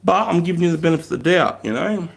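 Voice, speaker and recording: A man's voice: a little high, lively intonation, racing, creaky. An Australian man in his thirties, a former army instructor, telling stories in a casual live stream with blunt, heavily profane speech.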